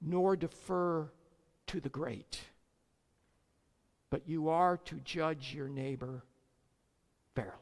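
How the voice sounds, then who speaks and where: A preacher delivering a sermon, emphatic, swinging between loud declamation and quiet asides, with sarcastic jabs and rhetorical questions. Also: mid-range voice, slow pace, pauses often, in a large hall.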